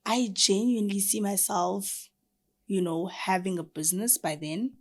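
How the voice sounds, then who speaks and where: A young woman with a South African accent, chatting as a podcast guest in an animated way and mixing in Zulu phrases. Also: mid-range voice, a little slow. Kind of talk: casual chat.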